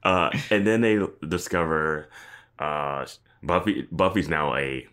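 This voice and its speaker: Man, podcast co-host, extremely deep voice, wry analytical chat, chuckles. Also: takes it slowly, fairly bright tone, smooth. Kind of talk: casual chat recapping a TV episode.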